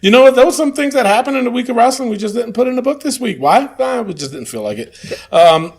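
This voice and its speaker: A man's voice: extremely high pitch, expressive, fast talker, darkish tone. A man co-hosting a wrestling podcast, talking casually with many fillers and frequent laughs. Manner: laid-back, laughs often, hesitant with fillers. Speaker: podcast co-host.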